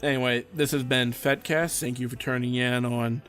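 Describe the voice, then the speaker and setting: A man's voice: medium pitch, steady tone, normal speed, fairly bright tone, clear, resonant tone, soft background music. A man hosting a casual podcast, chatting and teasing his co-host. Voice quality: teasing, joking banter.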